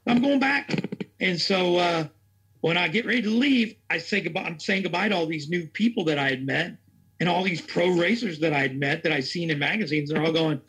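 A man's voice: high voice, moderate pace, gravelly, a bit bright, husky. A man working as a racing chaplain, telling his story in an interview in a rambling, earnest way and acting out what others said. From Tennessee.

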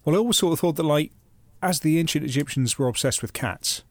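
A man's voice: a little high, fast, no echo. A man hosting a podcast, moving between scripted narration and wry, lightly sweary chat. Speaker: podcast host.

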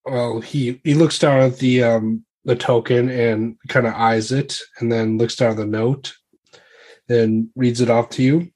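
A man's voice: medium pitch, fairly even intonation, measured pace, darkish tone. A man narrating as game master of a tabletop game, loose and rambling with many fillers. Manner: loose and rambling, full of likes and ums.

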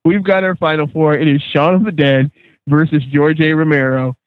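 A man hosting a casual podcast chat, moderating the panel's votes in an animated way. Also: on the high side, normal speed, dry recording. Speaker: podcast host. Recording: tinny lo-fi phone-like sound.

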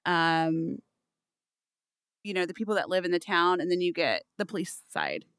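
A woman's voice: on the low side, normal speed, smooth, dry recording. Chatty young woman, dry close sound. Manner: animated, rambling with fillers. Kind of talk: casual chat.

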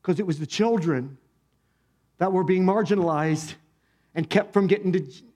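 Male pastor, fairly high voice, animated conversational sermon, keeps questioning the congregation. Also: normal speed. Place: church, speaking to a congregation.

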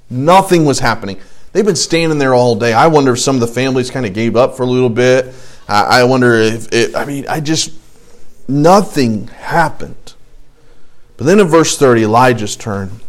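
A man teaching a casual Bible study, reading scripture aloud and adding jokey, conversational asides. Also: mid-range voice.

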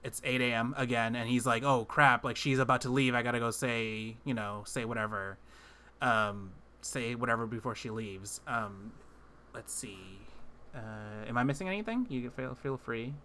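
Bright-voiced casual male podcast host. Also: mid-range voice, normal speed, a little hiss or hum. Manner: rambling, with many fillers and restarts. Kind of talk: casual chat retelling a film plot.

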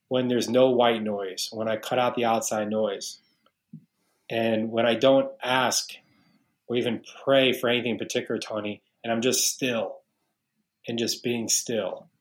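A man from New York in his forties, a podcast guest telling personal stories in earnest, casual talk with frequent restarts. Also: medium pitch. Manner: earnest storytelling, many restarts.

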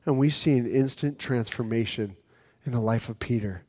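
A man preaching an evening sermon in a casual storytelling way, acting out quotes and dropping from lively to hushed. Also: mid-range voice, a little fast, long reverb tail. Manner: swings from lively to soft and hushed.

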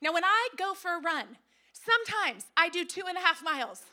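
A woman pastor in her thirties preaching a sermon, telling the story with animated, playful asides. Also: extremely high pitch, a little fast.

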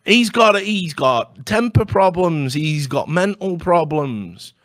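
A man hosting a podcast, delivering an animated, mocking comedic rant with swearing and stammered restarts. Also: fairly high pitch, slow. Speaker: podcast host.

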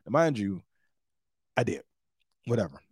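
A man hosting a podcast, telling a story in a casual, animated way and acting out what others said with big jumps in his voice. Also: measured pace, husky, dry recording, clean studio sound. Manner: animated, acts out quotes with big pitch jumps. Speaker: podcast host.

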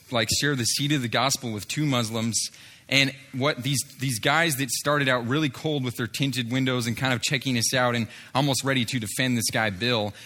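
The voice is medium in pitch, pushed and bright, belonging to a man sharing a testimony from street ministry. Filled with fillers and restarts, his story includes him acting out what others said.

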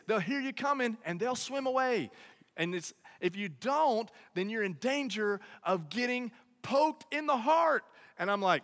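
A young man tells a comic personal story to an audience, animated and constantly checking in with "okay?" and "right?". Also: very high voice, unhurried, big-room sound.

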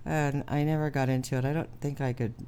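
A middle-aged woman co-hosting a podcast with her son, chatting casually, frank and quick to laugh or protest. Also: extremely low pitch, fairly even intonation, mellow, clean tone. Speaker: podcast co-host, host's mother. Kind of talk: casual chat.

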